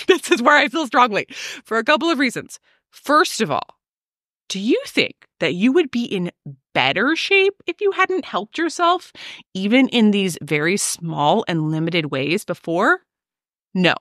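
A woman's voice: medium pitch, fairly bright tone, dry recording, clean studio sound. A woman hosting a solo podcast, coaching her listeners in an emphatic, ranty way.

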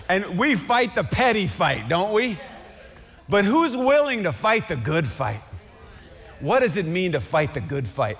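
Impassioned preacher in a reverberant hall. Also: male voice, sits high, big pitch swings, measured pace. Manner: impassioned preaching that swings from loud climaxes to quiet asides. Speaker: pastor. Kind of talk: sermon. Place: large church hall.

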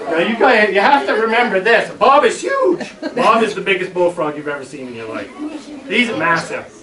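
A man's voice: sits high, fairly quick, crowd noise. A middle-aged man, a school superintendent, telling a playful story to a class of children and acting out the voices. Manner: playful, dramatic, acts out voices. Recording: echoey room, mic far off, children around.

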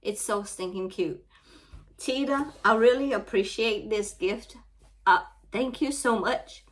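A woman with a Louisiana Southern accent hosting an unboxing vlog, her voice shaky as she holds back tears, talking softly and haltingly with many fillers. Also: mid-range voice. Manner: soft, halting, full of fillers. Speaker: craft channel host.

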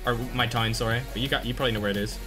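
A young man with a Northern Irish accent streaming a game live, reacting loudly and greeting chat in casual slang. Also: mid-range voice, racing, over music. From Northern Ireland. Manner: excitable, slangy, swings between loud outbursts and muttering. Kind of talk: live gameplay commentary with chat shout-outs.

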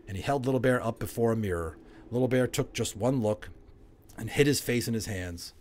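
A man narrating a children's novel aloud in an expressive, lively storytelling manner. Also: medium pitch, fairly quick, slight background noise. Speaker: audiobook reader.

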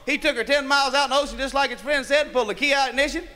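A stand-up comedian telling a raunchy, profane joke and laughing along with it. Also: male voice, very high voice, racing, sharp tone. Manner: raunchy, profane, laughing at his own jokes.

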